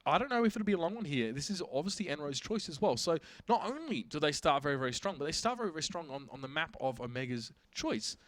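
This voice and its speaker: A man giving colour commentary on an esports match, analysing strategy in a chatty way and getting louder when the plays heat up. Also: a little high, big pitch swings, quick pace, hardly any pauses, no room sound. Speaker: esports caster.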